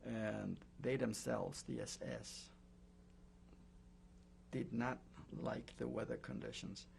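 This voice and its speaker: Slow, gravelly older man giving testimony. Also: fairly low pitch, sing-song, a little mellow, slight background noise. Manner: slow, halting, frequent pauses and fillers. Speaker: Holocaust survivor giving testimony. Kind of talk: oral history testimony.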